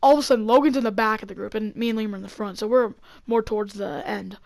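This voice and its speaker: A young woman rambling through a story on her channel, full of fillers and quick laughs. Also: medium pitch, fairly even intonation, creaky, a little mellow, dry recording. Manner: rambling, filler-heavy, laughing between lines. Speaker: YouTuber. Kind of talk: casual storytelling.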